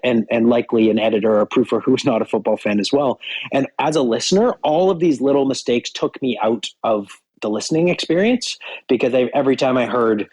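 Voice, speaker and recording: A man speaking as an interview guest, with a somewhat husky, breathy edge to his mid-pitched voice. He talks directly and earnestly, working through concrete examples in a relaxed conversational way. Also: rough recording. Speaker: software company CEO, guest. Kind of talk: casual interview chat.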